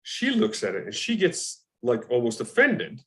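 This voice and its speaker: An actor being interviewed, a man telling lively anecdotes in casual conversation and acting out what other people said. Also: high voice, a little slow. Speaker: actor guest.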